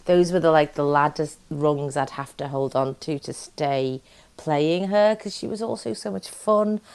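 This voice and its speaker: A woman chats as an interview guest. Her voice is low and her talk lively and candid, full of quick restarts. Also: clean tone. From Liverpool, England. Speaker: actress, guest. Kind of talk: casual interview chat.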